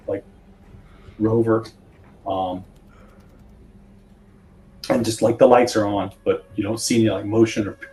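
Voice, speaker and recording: A man narrating as game master of a tabletop horror game, halting with many fillers. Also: on the low side, warm tone, a little hiss or hum, low-quality recording.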